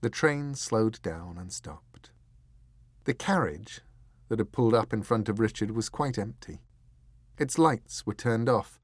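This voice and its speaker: A man reading an audiobook in measured, deliberate scripted narration, close to the mic. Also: on the low side, animated, husky, no echo.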